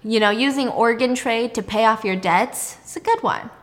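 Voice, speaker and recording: A woman voicing a creepy, scheming male crime boss who talks loudly and gloats. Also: on the high side, moderate pace, natural voice. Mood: gloating. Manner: loud, gloating, excited.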